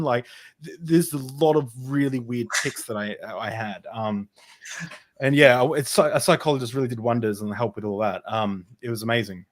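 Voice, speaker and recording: A man's voice: medium pitch, brisk. A young man in an interview, telling a personal story in a rambling way, with many fillers and restarts. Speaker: podcast guest.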